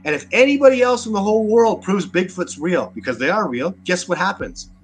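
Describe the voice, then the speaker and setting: A man with a Canadian accent, a Sasquatch researcher appearing as an interview guest, speaks in a high voice with lively intonation, a little fast and with a breathy edge. He's emphatic and combative, repeating words as he becomes agitated.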